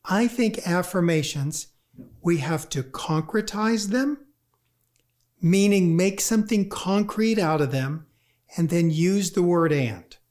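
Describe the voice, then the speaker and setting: A grief lecturer giving a talk, speaking conversationally and acting out inner voices in quick asides. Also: medium pitch, a little mellow. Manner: conversational, with fillers. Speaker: grief lecturer and workshop leader. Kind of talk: talk on grief and positive thinking.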